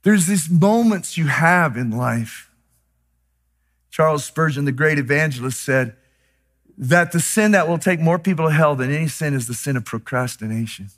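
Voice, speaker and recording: A man preaching a sermon with passion, moving from hushed, slow lines to loud, shouted declarations. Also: on the high side, animated. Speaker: pastor.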